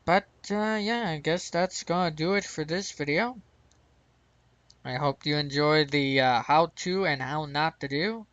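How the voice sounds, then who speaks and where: A man's voice: a little high, a little slow, a bit bright, no echo, lo-fi sound. An American man hosting his gaming channel, rambling through casual gameplay commentary and chuckling at his own mistakes. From United States.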